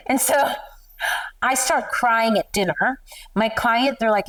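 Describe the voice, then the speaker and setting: A middle-aged woman, a photographer guest, telling personal stories in an animated, emotional way and laughing often. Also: fairly high pitch, measured pace, pauses often, recorded from a distance. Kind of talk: candid interview storytelling.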